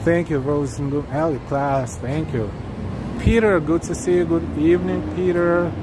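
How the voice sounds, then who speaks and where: A man's voice: a little high, fairly even intonation, normal speed. Chatty man walking a city street. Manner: chatty, earnest, talks straight to viewers. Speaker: live-stream walking tour host. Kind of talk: casual live-stream chat while walking, reading chat aloud. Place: outdoors on a city street at evening. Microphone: handheld camera rig while walking. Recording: outdoor street recording with faint traffic noise. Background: faint city street noise and traffic.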